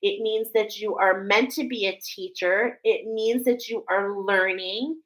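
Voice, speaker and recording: A woman giving a spiritual oracle card reading to her viewers, speaking with emotional awe and warm affirmations. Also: medium pitch, steady tone, measured pace, rough recording.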